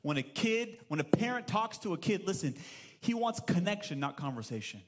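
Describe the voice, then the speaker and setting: A man's voice: high-pitched, sing-song, moderate pace. A man in his thirties preaching a sermon as pastor at a church service, telling stories with playful acted-out voices and humor.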